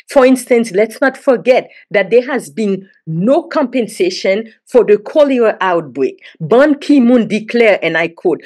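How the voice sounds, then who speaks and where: A woman's voice: mid-range voice, darkish tone. A woman from Haiti giving a prepared academic talk as a roundtable panelist, emphatic and rhetorical, with a dry sarcastic edge.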